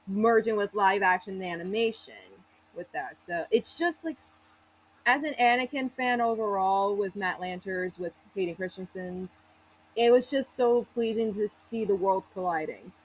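Female podcast guest, mid pitch, gushing fan energy, faint background hum. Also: poor audio. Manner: gushing and emotional, laughs between phrases. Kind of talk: casual fan podcast chat.

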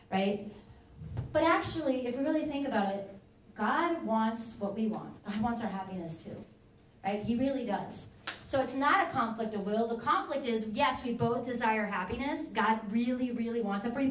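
A woman giving a lively, chatty faith talk to a live audience, often checking in with "right?". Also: a little high, reverberant, far from the mic, a little hiss or hum. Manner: animated, chatty, many "right?" and "like". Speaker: speaker at a Catholic youth event.

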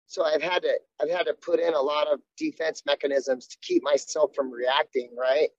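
A man's voice: a little high, steady tone, moderate pace, no echo. A man, a jiu-jitsu coach, talking candidly and earnestly in a casual interview, often restarting his sentences. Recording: dull, dry sound.

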